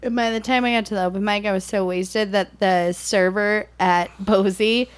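A woman chatting casually on a podcast, telling lively, giggly stories over drinks. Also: medium pitch, normal speed, clean tone. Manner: giggly, animated storyteller. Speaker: podcast guest. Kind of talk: casual drinking-show banter.

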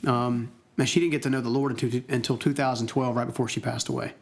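A man's voice: medium pitch, steady tone, fast. A man earnestly telling a personal testimony in a conversational interview, reflective and prone to restarting his sentences. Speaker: guest sharing a personal testimony. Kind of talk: conversational storytelling.

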